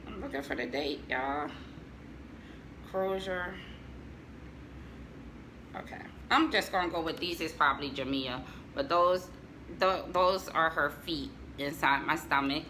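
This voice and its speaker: A woman's voice: sits low, noisy background. A middle-aged American woman chatting casually to viewers as she shows family photos, joking and laughing as she goes. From United States. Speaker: vlogger showing family photos.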